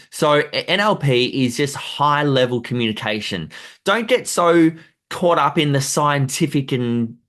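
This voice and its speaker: Animated man coaching sales. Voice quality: animated, acts out examples with sudden high jumps. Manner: repetitive, loose phrasing with fillers. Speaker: photography business coach. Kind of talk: teaching talk on sales.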